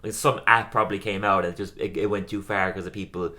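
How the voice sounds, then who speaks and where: A man's voice: low voice, steady tone, fast, pushed and bright. A man co-hosting a podcast, casually recapping a cartoon episode, laughing often and acting out quoted lines. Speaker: podcast co-host.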